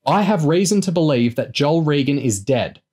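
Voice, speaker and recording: A man raises his voice to play a fed-up woman intelligence officer in a storybook reading. She speaks high and urgent, shouting her warnings with mounting exasperation. Her tone stays sharp and insistent. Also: expressive, normal speed, natural voice. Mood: exasperated shouting.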